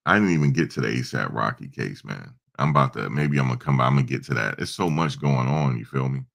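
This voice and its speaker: Brief: man, very low and gravelly voice, easygoing livestream host telling stories. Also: fast talker, fairly bright tone. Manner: loose, storytelling, imitates his mother and himself in quotes. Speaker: show host. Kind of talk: casual livestream talk.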